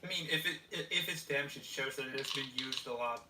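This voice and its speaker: A man's voice: mid-range voice, fast talker. A man in a casual chat as a guest, talking hesitantly and often stammering and restarting his sentences. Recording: roomy, distant, noisy.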